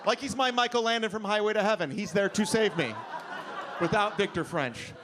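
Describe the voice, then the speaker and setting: A man telling a stand-up story on a comedy club stage in a deadpan storytelling way, acting out quotes. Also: high voice, fairly quick, a little hiss or hum. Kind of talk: stand-up set. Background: audience laughter.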